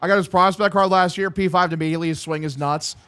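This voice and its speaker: A man's voice: sits high, fairly even intonation, fast, fairly bright tone, smooth. A young man streaming a baseball video game, calling plays like an announcer and ranting bluntly with lots of swearing. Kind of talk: casual gaming stream commentary.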